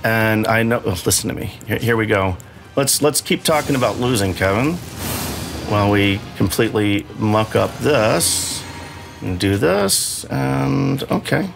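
A man's voice: lowish voice, a little slow, creaky, music in the background. A middle-aged man at home giving casual gameplay commentary, frustrated and swearing as he talks himself through a fight. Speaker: gamer. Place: home room.

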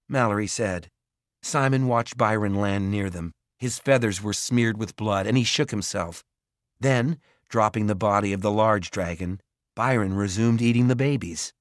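A man reading a children's fantasy audiobook in a measured, expressive narration. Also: on the low side, no echo, studio quality. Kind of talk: scripted narration.

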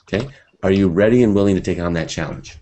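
A man's voice: sits low, fast, mellow. A man teaching a live seminar, talking energetically and conversationally and speaking directly to his audience.

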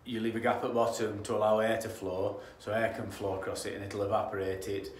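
A damp-proofing tradesman from Yorkshire, England, chats casually on site in his Yorkshire accent, his lowish voice level in tone and fairly quick. He rambles, restarts phrases, and drifts onto tangents, and the roomy recording carries a little hiss or hum.

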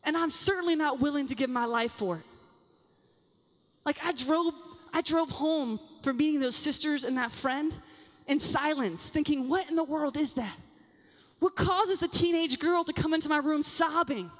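Young woman conference speaker, high-pitched, animated and confiding, recorded on stage in a large hall with long reverb. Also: moderate pace. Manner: animated and confiding, addresses the audience directly. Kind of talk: talk to a women's session at a youth conference.

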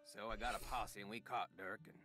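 Man voicing a gruff frontier diarist. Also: on the low side, steady tone, fairly quick, music in the background, natural voice. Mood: grim. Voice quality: folksy rural grammar. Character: rough-spoken frontier man reading his diary. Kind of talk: video game voice acting.

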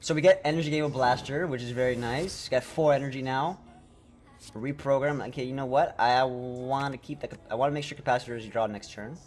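A man streaming gameplay live, chatting to viewers excitedly and tripping over his words as he plays. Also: medium pitch, fairly quick. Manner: excitable, talks to chat, trips over words. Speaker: game streamer.

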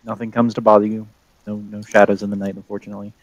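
A man narrating as game master of a tabletop game, pausing often with ums and uhs. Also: lowish voice, flat delivery, no room sound, dull audio. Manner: hesitant, many ums and uhs.

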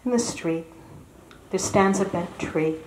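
Slow-speaking woman introducing a song. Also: fairly low pitch, a little hiss or hum. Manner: unhurried, gently telling a sad folk tale. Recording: echoey hall with faint music.

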